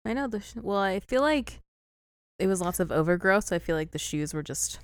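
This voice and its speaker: A young woman recaps a story in a casual, giggly way, her pitch swinging up and down as she talks. The sound is close and dry, with no room echo. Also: lively intonation, a little fast, clean tone. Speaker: podcast co-host. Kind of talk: casual film recap chat.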